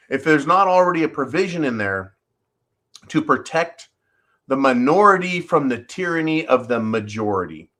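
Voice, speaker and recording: A man's voice: medium pitch, pushed and bright. A man hosting a show in a casual, swearing rant and often chuckling. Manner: profane, ranting, chuckling often. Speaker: host. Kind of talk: casual ranting monologue.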